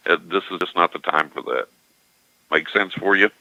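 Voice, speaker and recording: Older man, West Texas accent, very low pitch, bright tone, dry lo-fi sound, folksy and reassuring. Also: normal speed, no echo. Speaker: psychic medium guest. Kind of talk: radio call-in readings.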